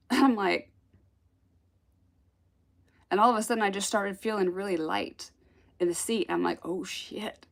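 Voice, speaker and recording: A woman telling a personal spiritual story in a casual, animated way, acting out the voices she quotes and laughing often. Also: medium pitch, slow pace, vocal fry, pauses often.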